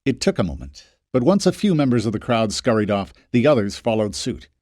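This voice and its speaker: Male audiobook narrator, lively pitch, dry close studio sound. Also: fairly quick, no echo. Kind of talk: scripted narration.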